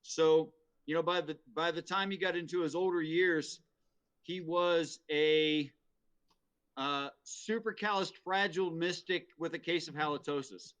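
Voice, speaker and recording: A man on a casual stream chat, slowly building up a pun joke with many ums and restarts. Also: a little high, steady tone, fairly bright tone, clean tone. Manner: hesitant, full of ums and restarts.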